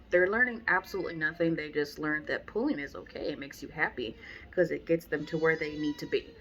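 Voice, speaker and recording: A woman with a fairly low voice talks through dog-training tips in a loose, chatty way. She is blunt and lively, and her asides carry an exasperated edge. She teaches as much by telling stories as by giving instructions. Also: a little fast, slight background noise. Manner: animated, acts out people she describes. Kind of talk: casual instructional talk.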